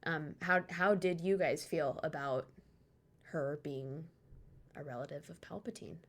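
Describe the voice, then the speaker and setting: A woman's voice: low voice, steady tone, unhurried. A woman co-hosting a podcast, chatting in an easygoing, agreeable way. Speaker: podcast co-host. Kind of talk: casual fan discussion.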